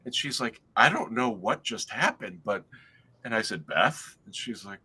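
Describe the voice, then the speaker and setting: Man, low voice, bright and forceful tone, casual storytelling, stops and restarts his sentences. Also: very animated, normal speed, husky. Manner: rambling, self-interrupting anecdote teller. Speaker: guest author.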